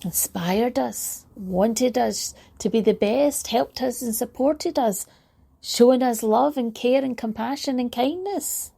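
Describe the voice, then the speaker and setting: A woman's voice: a little high, slow pace, vocal fry, breathy edge. A woman giving a reflective motivational talk, telling a story in an anecdotal way. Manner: warm anecdotal storytelling, laughs lightly. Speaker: motivational speaker.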